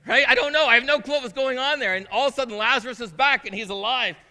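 With a very high-pitched, bright, forceful voice and a quick pace, the interim pastor delivers his sermon amid the sanctuary's long reverb. Scripture readings mix with earnest asides that swell into emphatic declarations.

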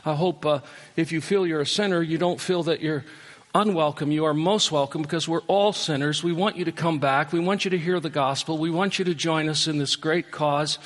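Speaking a little fast in a fairly high voice, a male pastor delivers a sermon in a church worship center, earnestly pleading with his listeners. He builds to impassioned appeals, then drops soft again, and the recording carries the long reverb of a large hall.

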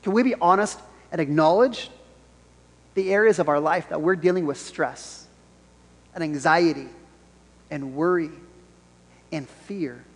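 A pastor preaching a Sunday sermon in an animated style, repeating his key phrases for emphasis. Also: fairly high pitch, a little slow, long pauses, slightly rough, big-room sound.

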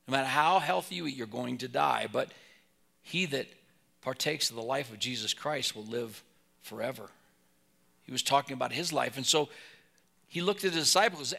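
A man preaching a sermon, telling Bible stories and swinging between loud emphasis and soft asides. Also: medium pitch, vocal fry. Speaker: pastor.

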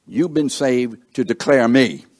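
A man preaches in a loose, conversational sermon style with a slightly husky, breathy voice at an ordinary middle pitch. He keeps turning to his listeners with questions and acts out the inner thoughts of the people he describes. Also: unhurried, a little mellow.

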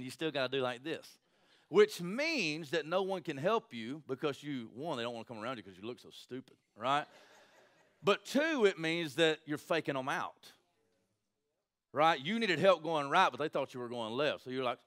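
This man's voice sits fairly high and moves at a normal speed. He is a pastor giving a lively, conversational sermon, frequently checking in with his congregation by asking "right?"

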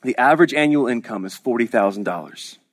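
A man's voice: medium pitch, expressive, fast talker. A man from Oklahoma preaching a sermon as pastor, in a conversational, joking storytelling manner with frequent restarts.

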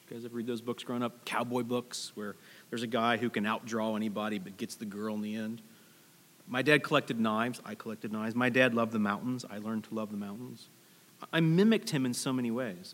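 A man's voice: mid-range voice, fairly bright tone, in a large hall. A man in his thirties preaching a sermon as pastor, telling stories in a conversational way and speaking directly to the congregation. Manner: conversational, storytelling with asides to the congregation. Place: church sanctuary.

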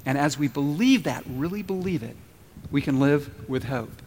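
A man's voice: fairly high pitch, expressive, normal speed, darkish tone, slight background noise. A man preaching a sermon as pastor, asking the congregation questions and telling a story. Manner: asks the congregation questions and lets them answer. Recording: long reverb from a large room.

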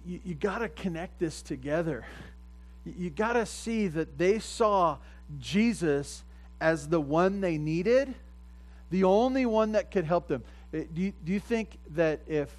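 A man preaching a sermon in a conversational way, often repeating phrases and rising louder at the points he stresses. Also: a little high, unhurried, low-quality recording. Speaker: pastor.

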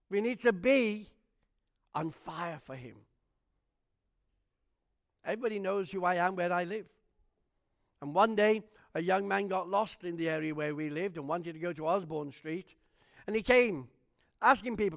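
Casual: guy pastor with a high voice preaching, tells stories and does everyone's lines, gets loud then drops low. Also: moderate pace. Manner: animated preacher acting out quoted voices. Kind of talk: storytelling sermon.

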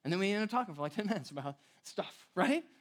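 A man preaches in a loose, chatty way, his fairly high voice jumping up and down as he acts out the people in his stories. He keeps checking in with his listeners and slows down to lean on key words. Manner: casual, conversational preaching with frequent "right?" and "like"; animated storytelling, acting out quoted voices. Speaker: pastor. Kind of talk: sermon.

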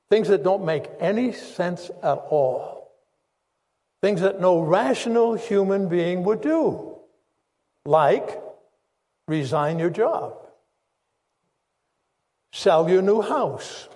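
A man's voice: high-pitched, warm tone. An older man preaching a sermon, telling his story in an earnest way and repeating phrases for weight. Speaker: pastor. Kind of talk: sermon testimony. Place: church sanctuary. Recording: long reverb of a church hall.

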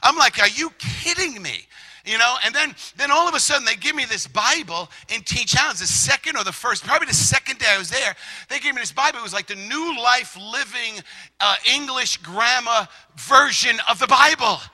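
A middle-aged man preaching a lively testimony sermon, shouting and animated, acting out quotes as he tells the story. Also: extremely high pitch, brisk, poor audio.

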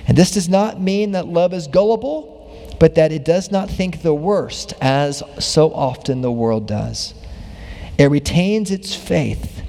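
In a church sanctuary, a male pastor preaches a conversational sermon full of dry, self-deprecating jokes and easygoing asides. His fairly high voice is slow and dark with vocal fry and lively intonation, echoing in the large hall.

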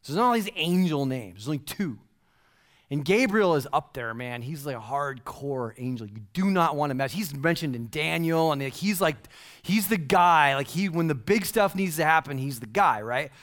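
A man pastor giving a casual, humorous sermon, full of playful slang and animated asides. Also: fairly high pitch, normal speed.

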